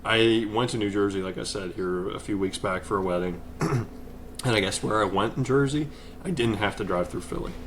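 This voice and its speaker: A man's voice: lowish voice, fairly quick, a little hiss or hum. A man hosting a casual podcast, easygoing and chatty, laughing along and telling long rambling stories. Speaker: podcast host.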